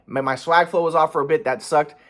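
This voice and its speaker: A man's voice: a little high, steady tone, fairly quick, fairly bright tone. A man telling a personal story in a rambling vlog monologue, full of stumbling restarts and frank, profane asides.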